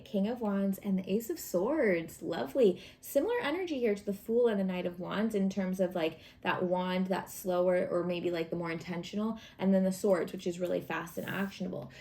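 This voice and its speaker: A woman's voice: lowish voice, creaky. A woman giving a casual weekly tarot reading, talking in an encouraging, chatty way with lots of fillers. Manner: warm encouraging, chatty with many fillers and acted asides. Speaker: tarot reader.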